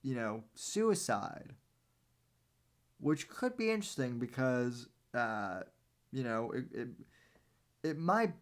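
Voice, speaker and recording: Male podcast host, casual political commentary, slow and meandering, clean voice. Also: medium pitch, big pitch swings. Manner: meandering, halting, sarcastic asides.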